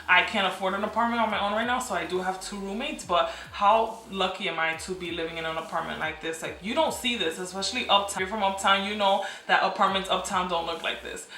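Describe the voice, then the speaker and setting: Young woman vlogging from her apartment, chatty and excited, bright tone, kinda echoey room. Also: lowish voice. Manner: chatty, enthusiastic, repeats phrases for emphasis. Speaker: beauty and lifestyle vlogger. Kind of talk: casual vlog chat to camera.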